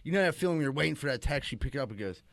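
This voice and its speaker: A man's voice: on the high side, expressive, racing, gravelly, dry recording. A man reminiscing in casual chat with friends, peppering his speech with "like.". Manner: reminiscing, filler-heavy, says "like" a lot. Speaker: friend in conversation.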